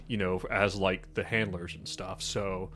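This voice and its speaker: A man's voice: low-pitched, flat delivery, a little slow, fairly bright tone. A man hosting a casual group chat show, talking loosely and laughing often. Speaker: podcast host.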